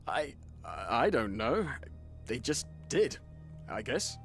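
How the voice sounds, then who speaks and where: A man's voice: mid-range voice, very animated, slow pace, a bit bright, faint music behind, full character voice. An actor playing a cagey, flippant young male tour guide with an Australian-sounding accent in a mystery game. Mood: evasive. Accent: Australian-sounding British attempt. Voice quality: breezy, mocking, evasive.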